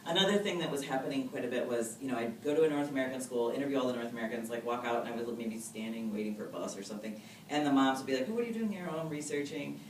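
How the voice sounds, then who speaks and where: A woman in her thirties being interviewed about her research, talking casually and quickly, full of fillers and acted-out quotes. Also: extremely low pitch, a little mellow. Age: 30s. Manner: chatty, fast, full of fillers and quoted dialogue. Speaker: researcher guest. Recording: roomy audio, mic a bit distant, faint noise.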